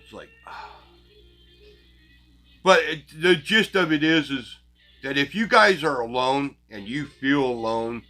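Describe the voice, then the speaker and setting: A man's voice: medium pitch, slow, long pauses, bright, forceful tone, faint music behind. A man hosting his own show, ranting bluntly and crassly at his viewers with heavy profanity and scornful laughs. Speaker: channel host. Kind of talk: profane casual rant to viewers.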